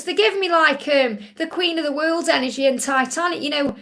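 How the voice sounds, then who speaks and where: She talks fairly quickly in a high-pitched, fairly bright voice while hosting a live Q&A as a psychic reader. The readings are delivered in a comforting, reassuring way, with phrases said again and again.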